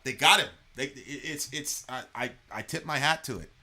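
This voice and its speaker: A man's voice: medium pitch, normal speed. A man delivering a heated political rant, swearing freely and stumbling over restarts and fillers. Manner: animated, profane, many fillers and restarts.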